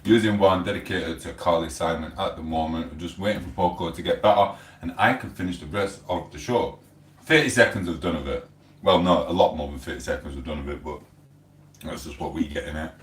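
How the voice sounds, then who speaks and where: A middle-aged man from England hosts a casual livestream at home, wandering from topic to topic while eating and reading chat aloud. His low voice comes fairly quick, picked up from a distant mic with roomy sound.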